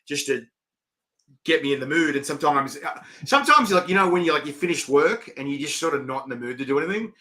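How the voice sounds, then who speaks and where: A man, hosting a casual interview and telling animated stories. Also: fairly high pitch, fast talker. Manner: chatty storyteller, animated, acts out quotes. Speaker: interviewer and chilli event organiser. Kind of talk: casual chat. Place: online video call.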